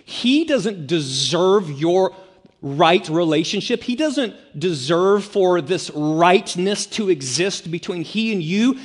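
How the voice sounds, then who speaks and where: A man's voice: high-pitched, breathy edge, pitched above the performer's own voice, exaggerated voice. A man voicing an indignant, resentful older brother who pleads his own case in a rising complaint, heard in an echoey hall.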